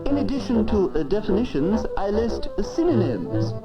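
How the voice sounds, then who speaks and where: A woman's voice: medium pitch, very animated, moderate pace, loud music behind the voice, close to an everyday voice. Woman voicing a pompous talking dictionary. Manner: fussy, grandiloquent, lecturing. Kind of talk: educational film acting. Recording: dull lo-fi old film sound.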